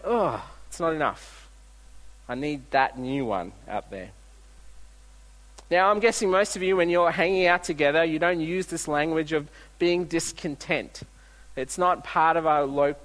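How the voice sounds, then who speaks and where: A man preaching a sermon in a relaxed, storytelling way, often restarting his sentences. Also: fairly high pitch. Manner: conversational, storytelling with frequent restarts. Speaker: pastor. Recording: long reverb of a large hall.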